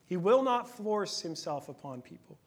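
A man in his thirties preaching a sermon in a conversational, earnest way, dropping to a hush at times. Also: high voice, sing-song. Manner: conversational, earnest, with dramatic pauses and hushed moments. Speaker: pastor.

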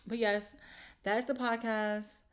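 A woman hosting her own podcast, talking in a casual, slangy, animated way and swearing freely as she rants with exasperation. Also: on the high side, slow. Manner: slangy informal speech. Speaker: podcast host. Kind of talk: casual solo podcast rant.

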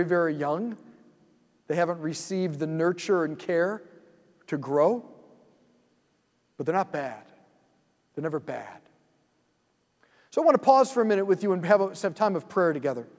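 Gentle guy leading a guided prayer meditation, slow and hushed, echoey church hall. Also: high voice. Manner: gentle, slow and soothing, drops to a hush.

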